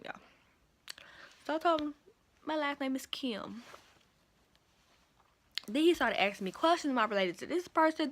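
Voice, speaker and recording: A chatty young woman tells a storytime to her viewers, animated and conversational. Her voice sits a little high for a woman. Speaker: vlogger. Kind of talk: casual storytime.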